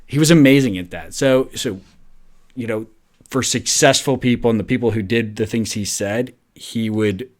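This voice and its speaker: A man's voice: mid-range voice, normal speed. A middle-aged man hosting a podcast, telling a story in a loose, chatty way, peppering his talk with "like" and "right?". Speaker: podcast host. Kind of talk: casual storytelling monologue.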